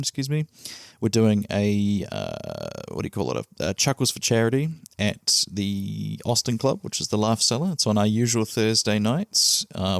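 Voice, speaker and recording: A man's voice: fairly low pitch, creaky, no echo, studio quality. A man with a New Zealand accent hosting his own podcast solo, talking casually and rambling a little with fillers. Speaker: podcast host.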